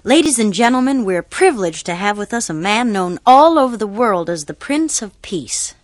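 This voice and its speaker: An actress playing an eager talk-show interviewer in a comedy sketch, with a bright, gushing delivery. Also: female voice, mid-range voice, lively intonation, normal speed, no room sound, clean studio sound, faint music behind, natural voice.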